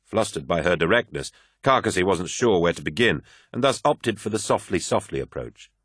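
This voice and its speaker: Low husky male narrator. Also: normal speed, no echo, studio quality. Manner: expressive storytelling. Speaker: audiobook narrator. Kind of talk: scripted narration.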